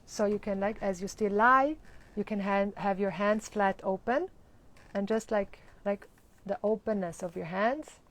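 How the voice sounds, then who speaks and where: A spiritual teacher leads a live-streamed mantra lesson, explaining and chanting while laughing, and acting out groggy morning complaints. Her voice is mid-range and unhurried.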